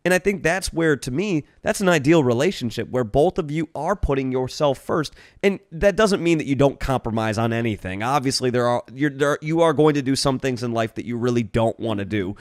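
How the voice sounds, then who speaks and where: A man's voice: mid-range voice, brisk, hardly any pauses, no echo, studio quality. A man co-hosting a casual podcast, talking through his ideas at length and checking in with "right?" as he goes. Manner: rambling, explanatory, lots of "right?". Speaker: podcast co-host. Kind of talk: casual chat.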